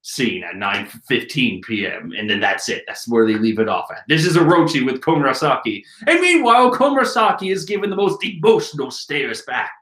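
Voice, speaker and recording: A man giving comedic, profane commentary as he reads a manga chapter, swinging from mumbles to shouts. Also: medium pitch, big pitch swings, fairly quick, few pauses. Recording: roomy echo.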